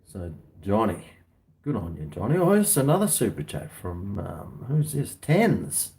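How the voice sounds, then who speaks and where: Rambling Australian man, slightly low voice. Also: huge pitch swings, a little slow, gravelly, dark tone. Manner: rambling, chatty, slangy. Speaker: livestream host. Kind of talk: casual livestream chat.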